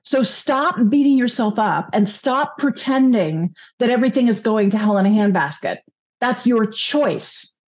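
A woman with a somewhat high voice speaks as an interview guest. She talks about her work in an upbeat way and often slows down to make her points. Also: expressive, darkish tone. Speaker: guest, abundance coach. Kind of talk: interview conversation. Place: California.

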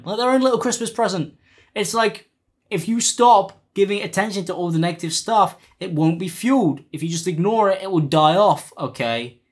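Host type: guy, a little high-pitched, exasperated, swears casually. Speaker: commentary YouTuber. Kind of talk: casual commentary.

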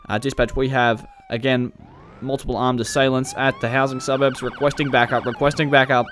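A man's voice: medium pitch, level tone, fast talker, few pauses, a bit bright. A man giving chatty gameplay commentary through a police roleplay, joking and laughing often and barking commands at suspects. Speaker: gaming video creator.

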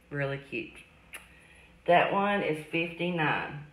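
Low-voiced woman selling jewelry live. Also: a bit bright. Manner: chatty, calls viewers sweetie, love and darling. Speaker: seller hosting a live jewelry sale. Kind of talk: live-stream selling chat. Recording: echoey room.

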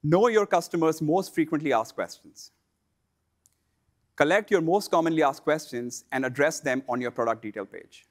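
A man with a fairly high, expressive voice presents a scripted instructional lesson for online sellers, delivering it in a measured, explanatory way.

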